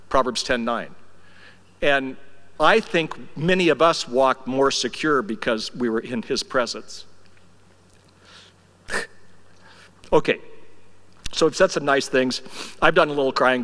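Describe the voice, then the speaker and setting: Older man, eulogy speaker, wry storyteller, reverberant church hall. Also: medium pitch. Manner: storytelling, wry and affectionate, drops soft when emotional. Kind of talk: memorial tribute speech. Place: church sanctuary.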